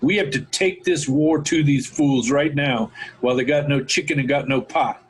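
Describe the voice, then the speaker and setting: A man's voice: on the high side, moderate pace, slightly rough, rough recording. A man hosting a talk show, ranting fervently and calling his listeners folks. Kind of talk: impassioned political talk.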